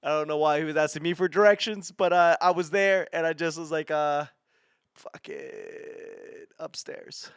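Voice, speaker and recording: A man in his thirties with a smooth, resonant voice tells a story in loose comic style. He swears freely and breaks off mid-sentence to restart it. The sound is close and dry, with no room around it. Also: fairly high pitch, fairly even intonation, fast talker, few pauses, dry recording. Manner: rambling, profane, self-interrupting. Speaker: stand-up comedian hosting his podcast. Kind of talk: casual comedic storytelling.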